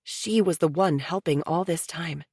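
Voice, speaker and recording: A woman with a lowish voice reads a suspense audiobook in measured, even narration. The recording is dry and close, with no room sound. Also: breathy edge, dry recording. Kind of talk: scripted narration.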